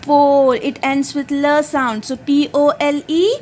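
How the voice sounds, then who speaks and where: High-pitched woman doing phonics with her kid, slow and patient, spells letters out. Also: steady tone, a little mellow, a little hiss or hum. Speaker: mother teaching her child phonics. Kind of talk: slow phonics drill with a child.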